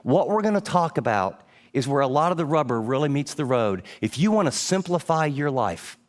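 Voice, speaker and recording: An emphatic middle-aged man preaching a sermon, pressing each point as he teaches from notes. His voice sits a touch higher than most men's. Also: sing-song, moderate pace. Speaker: pastor.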